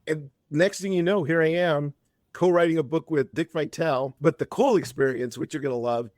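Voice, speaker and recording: A man in his fifties, appearing as a podcast guest, rambles chattily through a long personal story, often restarting his sentences. His voice is on the high side, fairly quick and somewhat dark in tone, captured dry with studio quality.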